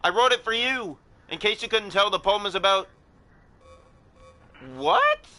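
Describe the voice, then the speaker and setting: A man's voice: high voice, pushed and bright, pitched above the performer's own voice. A man reading as a stammering shy bookish girl. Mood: eager. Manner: halting, stammering.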